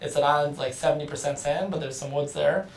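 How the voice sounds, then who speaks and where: A woman hosting a casual podcast interview, her voice sitting very low. She asks curious follow-up questions and keeps the conversation moving with frequent brief affirmations. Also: fast, a little mellow, slight background noise. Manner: inquisitive, backchannels often with short affirmations. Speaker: podcast host.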